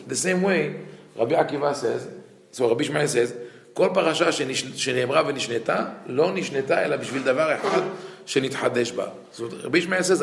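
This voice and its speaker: Gravelly rabbi teaching in an echoey room. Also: male voice, a little high. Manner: animated, asks rhetorical questions, frequent restarts. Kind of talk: Torah class lecture.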